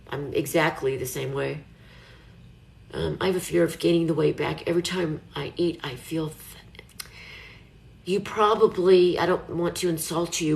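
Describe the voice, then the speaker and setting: A middle-aged woman talks casually on a live stream, wandering from thought to thought in a low voice. She sounds chatty and self-reassuring. Her voice carries an echo from the room. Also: a little mellow. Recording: echoey room.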